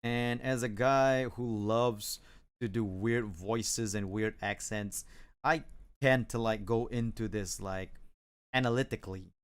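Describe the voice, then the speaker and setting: A man's voice: lowish voice, steady tone, slow pace, clean tone. Rambling man chatting on stream. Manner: rambling, many restarts and fillers, chuckles often. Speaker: art streamer. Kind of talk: casual stream chat.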